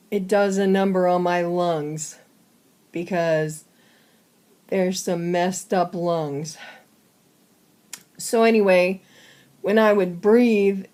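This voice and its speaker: Woman vlogger, short of breath, unhurried halting home update, mid-pitched. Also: a little mellow. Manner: slow, halting, many fillers. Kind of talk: casual personal update.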